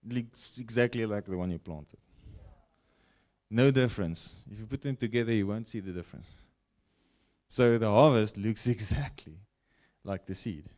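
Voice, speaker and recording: A man preaching a broadcast sermon, with animated rises and falls and frequent "okay?" check-ins to his listeners. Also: on the low side, moderate pace, pauses often. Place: broadcast teaching setting.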